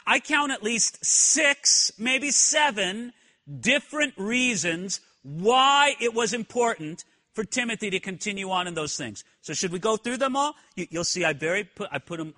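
An earnest male pastor preaching from the pulpit, his voice high and bright with a forceful edge. He keeps asking the congregation questions as he teaches. The sound hangs in a long, reverberant church hall. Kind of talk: sermon. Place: church sanctuary.

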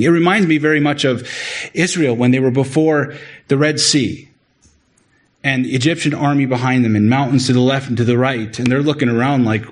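A man preaching a sermon in an earnest way, often repeating words and rising in pitch to stress a point. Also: brisk. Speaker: pastor.

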